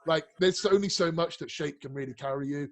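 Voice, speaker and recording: A man's voice: fairly high pitch, a little fast. Man telling rambling, profane stories. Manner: rambling, profane, lots of restarts and fillers; animated storyteller. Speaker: guest, bodybuilding prep coach. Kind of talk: casual podcast chat.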